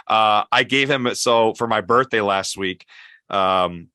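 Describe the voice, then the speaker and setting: A man's voice: on the low side, slow pace, pushed and bright, dry recording, studio quality. A man with a Michigan accent hosting a podcast, rambling casually through stories and laughing at his own punchlines. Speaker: podcast host.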